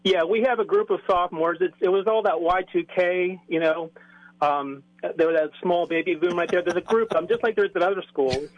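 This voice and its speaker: A man hosts a casual sports radio chat and teases his guests in an easy way. His voice sits high, and it comes through a muffled, lo-fi line. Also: a little fast. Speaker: radio host.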